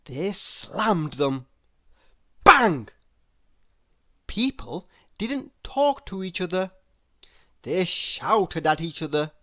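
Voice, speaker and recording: A woman reading a children's story aloud, expressive and asking the listener questions. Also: on the low side, slow.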